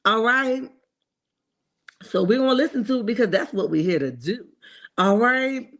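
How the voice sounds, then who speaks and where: A woman's voice: on the high side, animated, normal speed, a bit bright. A woman hosting a casual reality TV commentary livestream, opinionated and chatty, greeting viewers in the chat and checking in with "okay?".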